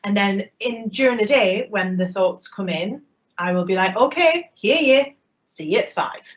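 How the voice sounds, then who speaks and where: Sex: woman. Style: humorous keynote storytelling. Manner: lively, self-mocking. Pitch: mid. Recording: muffled, lo-fi online audio. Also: moderate pace. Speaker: keynote speaker. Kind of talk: humorous personal storytelling talk.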